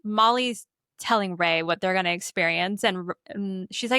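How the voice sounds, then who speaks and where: Young woman on a movie podcast, bright tense voice, dry close sound, acts out the lines. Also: mid-range voice, a little slow, clear, resonant tone, no room sound. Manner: animated storytelling, acting out characters' quotes. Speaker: podcast co-host. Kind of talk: casual chat recapping a movie.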